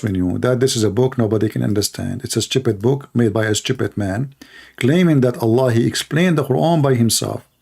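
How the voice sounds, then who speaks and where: A man hosting a call-in livestream, talking casually, mocking and laughing at callers and repeating words in quick bursts. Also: mid-range voice, gravelly, darkish tone. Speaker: livestream host taking calls.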